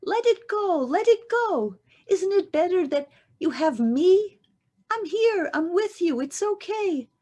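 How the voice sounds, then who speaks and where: A woman's voice: very high voice, lively intonation, slow pace, dark tone, voice pushed up, heavily acted. A tender pleading husband, as a woman puts him on. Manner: soothing, coaxing, repeating himself. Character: tender loving husband, adult man, pleading gently.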